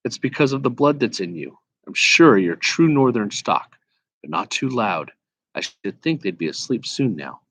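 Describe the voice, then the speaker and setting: A man's voice: lowish voice, very animated, fairly bright tone, a little hiss or hum. A man doing a proud, blunt talking war horse. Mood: gentler. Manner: brisk, lecturing, faintly scornful. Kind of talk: storybook read-aloud.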